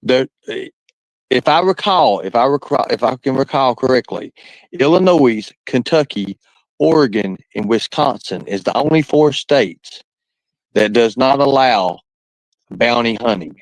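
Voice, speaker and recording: A man's voice: mid-range voice, lively intonation, unhurried, no room sound, low-quality recording. Rambling man on a dry line. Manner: rambling, repeats himself, trails off. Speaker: guest on a live stream. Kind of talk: casual talk.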